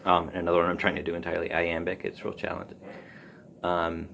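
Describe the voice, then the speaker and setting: Very low-voiced gravelly man musing. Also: completely flat delivery, a bit bright, a little hiss or hum. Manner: musing, halting, with frequent ums and restarts. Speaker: podcast host. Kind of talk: casual solo talk on writing.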